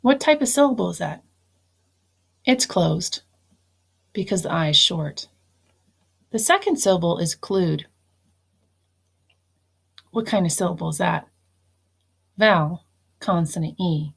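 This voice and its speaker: A woman's voice: on the low side, expressive, measured pace, vocal fry, pauses often, slightly rough. A woman teacher giving a recorded phonics lesson, spelling words out letter by letter and explaining each syllable.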